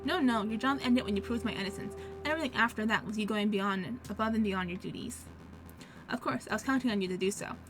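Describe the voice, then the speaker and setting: A woman's voice: mid-range voice, fast, natural voice. A woman voicing a male fox private investigator in a game, polite and sure of himself, over game music. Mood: suave.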